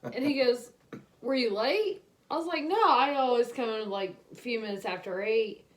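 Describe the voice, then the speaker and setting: A woman's voice: a little high, normal speed. A tired woman chatting casually and laughing as she tells stories about her day. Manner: loose, laughing storyteller. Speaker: co-host. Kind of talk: casual chat.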